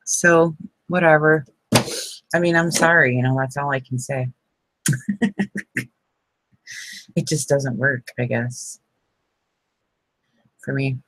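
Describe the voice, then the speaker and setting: A woman's voice: rumbling low, steady tone, slow pace, pauses often, fairly bright tone, slight background noise, low-quality recording. A middle-aged woman chatting casually on a crafting live stream, rambling and laughing often. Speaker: crafting vlogger.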